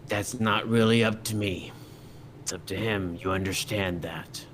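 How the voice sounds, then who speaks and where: A man doing a tall, half-drunk official who owns every room he walks into, with a deep, low voice. He drags his words out slowly and drops into menacing half-whispers. It plays like a tabletop game scene with a faint hiss behind it. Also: a bit bright. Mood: smug.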